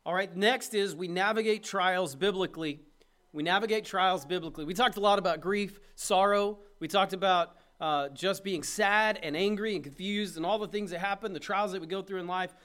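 A middle-aged man preaches from the pulpit in a fairly high voice. He drives his points hard and loud, then drops into a soft, tender tone. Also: normal speed. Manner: impassioned preaching, swings between loud urging and soft tenderness. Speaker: pastor. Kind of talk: sermon.

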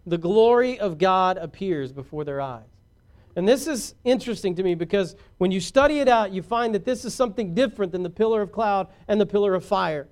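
Brief: male pastor, sermon, high-pitched, calls for amens, booms then drops to a hush. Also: expressive, a little fast, smooth. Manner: swings between loud exhortation and hushed earnest talk.

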